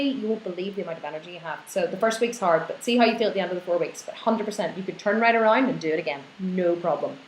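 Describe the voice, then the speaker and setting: A woman fitness coach hosting a live Q&A, reading out viewer questions and going off on animated rants. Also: fairly low pitch, fast talker, few pauses, echoey room, a little hiss or hum, poor audio. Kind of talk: live online Q&A.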